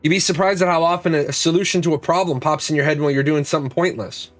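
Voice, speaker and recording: A man's voice: fairly high pitch, steady tone, very fast, faint music behind. A man hosting a live streamed show, chatting casually and rambling through stories with frequent restarts. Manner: rambling storyteller, restarts, talks to his cat. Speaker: livestream show host. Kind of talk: casual chat with chat readers.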